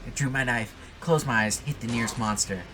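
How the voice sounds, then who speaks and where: A man's voice: medium pitch, fairly quick, noisy background. A man playing a text adventure, reading the narration aloud with casual asides. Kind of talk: let's play reading and commentary.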